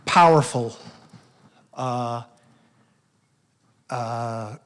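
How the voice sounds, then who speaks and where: A man at a live workshop telling a personal story on stage, talking earnestly in a halting way with many restarts. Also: medium pitch, fairly bright tone. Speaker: workshop participant. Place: event hall with audience.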